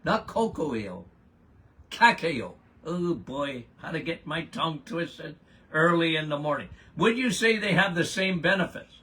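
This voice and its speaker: Older male podcast host doing a casual Q&A, emphatic and blunt, with an unhurried delivery. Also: a little high, lively intonation, sharp tone. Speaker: podcast host answering listener questions. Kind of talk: casual health Q&A.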